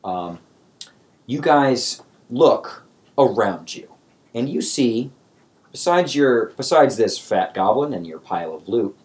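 A man's voice: lowish voice, darkish tone. A man narrating as game master for a tabletop game, talking in a loose, rambling way. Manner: loose and rambling, many fillers and restarts.

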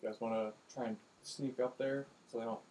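An offhand, joking man playing a tabletop game, at a middle pitch. His casual table talk comes through a hissy home recording with a steady background noise. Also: brisk, low-quality recording. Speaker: player.

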